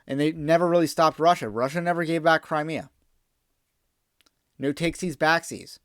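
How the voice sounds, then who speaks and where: A man's voice: a little high, dry recording. Emphatic man with a dry, close sound. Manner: opinionated, emphatic and digressive. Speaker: podcast host. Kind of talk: political commentary monologue.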